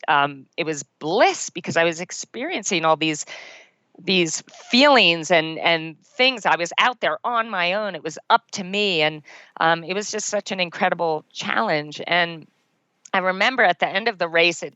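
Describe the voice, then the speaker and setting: A woman's voice: on the low side, sharp tone, no echo. A middle-aged woman, a podcast guest, telling an earnest personal story and laughing at herself now and then. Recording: dull, dry lo-fi podcast recording.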